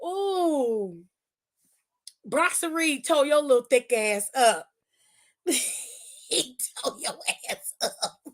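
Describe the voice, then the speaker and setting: A woman's voice: high voice, lively intonation, extremely slow, long pauses. A woman giving a rowdy, profane comedic recap of a wrestling show, laughing often and telling it with lots of animation.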